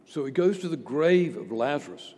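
A man preaches with a husky, fairly high voice that rises and falls dramatically. He presses the listener with rhetorical questions. His words ring out with a long reverb from the hall. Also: big pitch swings, moderate pace, a little mellow. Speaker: pastor. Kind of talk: sermon.

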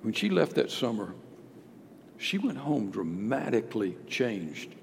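A male pastor preaching a sermon, emphatic, swinging between loud declarations and hushed storytelling. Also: medium pitch, big pitch swings, a little slow, creaky. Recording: long hall reverb with faint background noise.

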